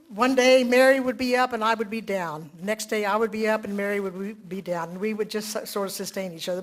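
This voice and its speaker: Older woman telling a devotional story. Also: on the high side. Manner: earnest, reflective, with dramatic quiet drops and rising exclamations. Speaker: speaker at a devotional meeting. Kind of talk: personal storytelling talk.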